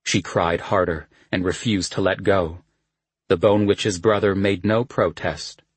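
Deep husky male narrator. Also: steady tone, a little slow, no echo. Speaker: audiobook narrator. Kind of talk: scripted narration.

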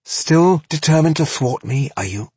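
A haughty, mocking female elf demigod from an audiobook, put on by a male narrator. The husky voice lifts high with disdain. The sound is dry and close. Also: lively intonation, measured pace, dark tone, dry recording, heavily acted. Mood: scornful. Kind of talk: audiobook character voice.

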